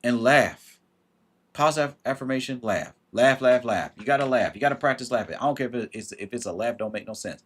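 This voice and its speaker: A man's voice: medium pitch, expressive, fairly quick, a bit bright. A man hosting a livestream and giving blunt, emphatic advice in a casual way. He greets viewers by name as he talks. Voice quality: husky.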